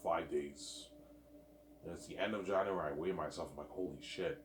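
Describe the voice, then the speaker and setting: A man's voice: deep voice, moderate pace, slight background noise. A young man rambling casually and profanely, often repeating and stumbling over his words. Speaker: vlogger. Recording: echoey room.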